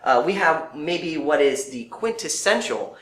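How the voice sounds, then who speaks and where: A man's voice: a little high, measured pace. A young man co-hosting a casual educational chat, upbeat and correcting himself as he goes. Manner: animated, self-correcting, upbeat. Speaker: co-host. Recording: echoey room with faint noise.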